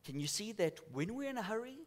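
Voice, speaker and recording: High-voiced man preaching a sermon. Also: very animated, quick pace. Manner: storytelling, acts out voices in quotes, swings from loud to hushed. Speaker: pastor. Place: church.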